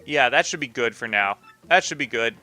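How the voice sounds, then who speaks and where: A man's voice: medium pitch, animated, moderate pace, pushed and bright, faint music behind. A man giving offhand, self-mocking gameplay commentary, with casual swearing. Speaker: let's play gamer.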